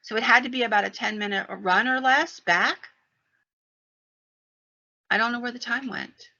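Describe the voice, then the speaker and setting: A woman's voice: fairly high pitch, moderate pace, creaky, bright, forceful tone, exaggerated voice. A woman voicing a frightened mother who fled the woods, in an urgent, breathless telling. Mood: scared. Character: frantic mother fleeing the woods. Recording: dull lo-fi sound.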